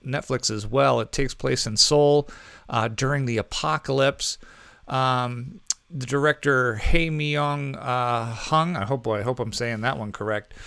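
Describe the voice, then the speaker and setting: A man co-hosting a film review podcast, talking loosely and correcting himself as he goes. His voice is smooth and resonant at a middle pitch. The recording is close and dry. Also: fairly bright tone, dry recording. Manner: rambling, self-correcting, with frequent ums and asides. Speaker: podcast co-host reviewing movies. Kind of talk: casual movie review chat.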